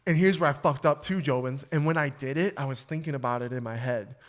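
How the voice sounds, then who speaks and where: A young adult man hosting a podcast, telling a story in casual chat with lots of swearing and quick restarts. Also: medium pitch. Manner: animated, swears freely, stammers and restarts. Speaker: podcast host.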